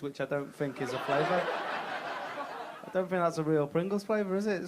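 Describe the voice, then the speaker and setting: A man's voice: a little high, moderate pace, heavy background noise. A young man doing a stand-up set in a comedy club, bantering cheekily with the crowd and swearing freely.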